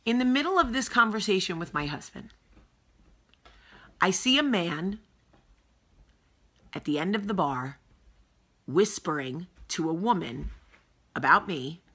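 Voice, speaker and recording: A middle-aged woman hosting a casual vlog, telling a story in a blunt, animated, sassy way. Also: lowish voice, slow pace, long pauses, husky. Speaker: host.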